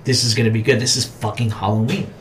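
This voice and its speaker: A man's voice: medium pitch, fast talker. Guy on a podcast ranting about horror flicks, cusses constantly, acts out the screams, faint hiss behind. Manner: profane, animated storytelling with acted-out shouts. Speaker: podcast co-host. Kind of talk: casual chat about horror movies.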